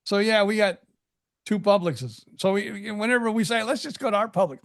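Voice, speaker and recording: A man's voice: high-pitched, a little fast, creaky, fairly bright tone. A man co-hosting a podcast, talking in an easygoing, rambling and joking way. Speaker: podcast co-host. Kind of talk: casual chat.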